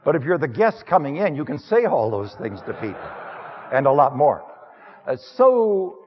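Husky, lively-voiced man teaching preachers. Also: on the high side, normal speed, long reverb tail, muffled recording. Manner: folksy, earnest, frequent uh fillers. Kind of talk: lecture on preaching craft.

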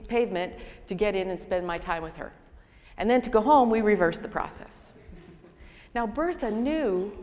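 An older woman giving a sermon, telling stories in a self-deprecating way. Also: mid-range voice. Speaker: speaker. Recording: long reverb in a large hall.

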